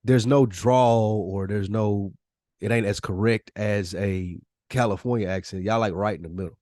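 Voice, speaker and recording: Southern man from Tennessee, deep-ish voice, slangy podcast co-host, dry mic. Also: normal speed, dry recording. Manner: animated, slangy storyteller. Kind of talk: casual chat.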